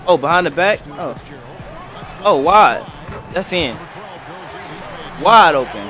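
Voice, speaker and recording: A young man calls his basketball video game as he plays, his voice sitting high and swinging all over the place. He reacts in excited bursts and talks trash at the screen. Faint game music and arena crowd noise run underneath. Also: takes it slowly. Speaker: gaming commentator. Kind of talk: live gameplay commentary.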